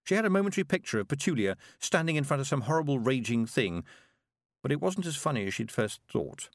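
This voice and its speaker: A man narrating a fantasy audiobook with an expressive reading. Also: mid-range voice, fast talker, no room sound, clean studio sound. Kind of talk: scripted narration.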